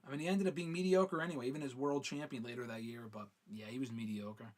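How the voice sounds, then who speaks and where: A man's voice: medium pitch, steady tone, fast talker, darkish tone. A man hosting a live fan-question show in casual, swearing chat, reading viewer questions aloud and answering them.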